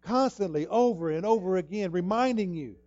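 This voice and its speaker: A man preaching a sermon in an emphatic way, repeating words and jumping up loud at key points. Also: high-pitched, animated, brisk, muffled recording. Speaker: pastor.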